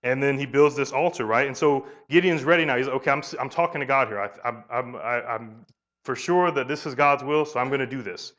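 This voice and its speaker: A man giving informal Bible teaching, asking his listeners questions, tossing in "you know" and "right?", and retelling the story's exchanges in lively voices. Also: medium pitch, fairly quick, muffled recording.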